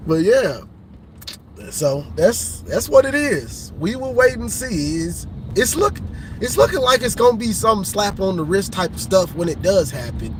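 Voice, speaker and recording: A man live-streaming a casual sports rant, teasing rival fans with laughter and drawn-out colloquial talk. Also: high voice, a little hiss or hum.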